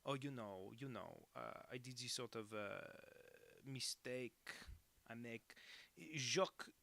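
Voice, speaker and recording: A man's voice: medium pitch, creaky, sharp tone, no echo, heavily acted. A man voicing a rambling adult French man who halts often and speaks in broken English. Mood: sheepish. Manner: halting, many fillers, broken English.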